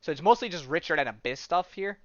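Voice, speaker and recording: A man's voice: on the high side, lively intonation, fast talker, a bit bright, no room sound, muffled recording. A man hosting a podcast, rambling through a comic story in casual chat and acting out the characters' lines with lots of fillers. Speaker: podcast host.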